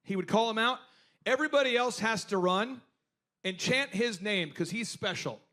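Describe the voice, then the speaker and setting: A man's voice: high voice, lively intonation, normal speed, bright, forceful tone. A man in his forties hosting a business workshop, telling stories to a live group and acting out other people's lines with animation.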